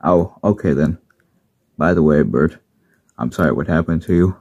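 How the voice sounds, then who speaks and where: A man's voice: extremely low pitch, moderate pace, darkish tone, husky, dry recording, exaggerated voice. A man voicing a caring male train engine who speaks plainly. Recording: dull lo-fi recording.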